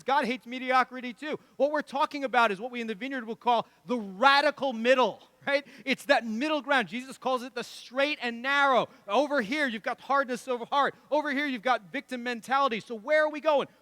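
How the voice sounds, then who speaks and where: A man preaching a sermon in a lively, conversational way, often breaking into laughter and casual asides to the congregation. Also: very high voice, no room sound. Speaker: pastor. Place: church.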